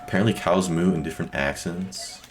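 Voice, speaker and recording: A man's voice: deep voice, fairly even intonation, fairly quick. A young man streaming a speedrun, chatting loosely with viewers and filling his talk with "like". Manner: rambling, full of "like" fillers. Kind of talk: casual chat with stream chat. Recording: loud game music behind voice.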